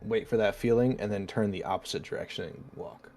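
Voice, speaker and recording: A man playing a tabletop game, thinking out loud and suggesting plans in a low-key way. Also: a little fast. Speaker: player. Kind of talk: casual game chat.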